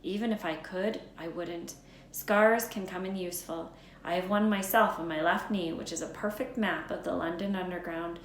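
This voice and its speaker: A calm elderly wizard from a storybook, speaking gently and without hurry, as a woman reader puts him on. The voice sits low and rings in a roomy space. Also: moderate pace, a little hiss or hum, lightly acted. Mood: gentle. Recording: roomy echo.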